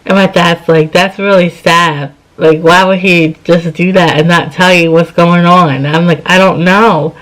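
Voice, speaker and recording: A woman's voice: fairly low pitch, fairly even intonation, measured pace, few pauses, a bit bright, rough recording. A tired woman in her thirties telling a personal story to camera in a chatty way, acting out both sides of old conversations. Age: 30s. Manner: chatty, retells scenes with quoted dialogue. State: tired, yawning. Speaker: vlogger. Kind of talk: casual storytime.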